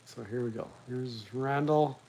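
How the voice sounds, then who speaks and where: Slow-talking guy rambling on his home livestream, swears a lot, jokes at himself. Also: medium pitch, mellow, rough recording. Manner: rambling, crude, self-mocking. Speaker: host of a live talk stream. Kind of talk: casual chat.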